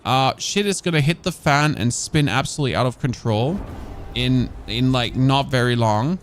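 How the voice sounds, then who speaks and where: A man from Germany, speaking with a German accent at a moderate pace and medium pitch, gives laid-back commentary on the game he's streaming. He thinks aloud and talks with his chat. The audio carries a little hiss or hum.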